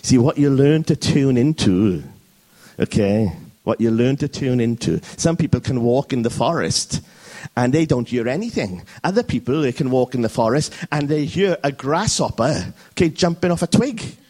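Lively preacher man checking in often. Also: medium pitch, moderate pace. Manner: lively, jokey, frequent "okay?" check-ins. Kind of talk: sermon. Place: church service.

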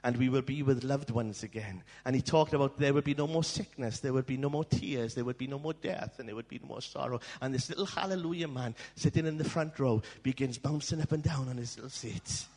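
Guy preaching, husky and pushy, dramatic, big church echo. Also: medium pitch, fairly quick, few pauses. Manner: dramatic, swings from hushed to shouting. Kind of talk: storytelling sermon. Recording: long hall reverb.

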